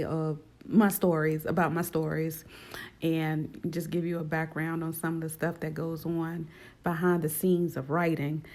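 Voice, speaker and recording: A woman telling a personal story casually and with animation, acting out quoted lines in a higher voice. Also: creaky, darkish tone.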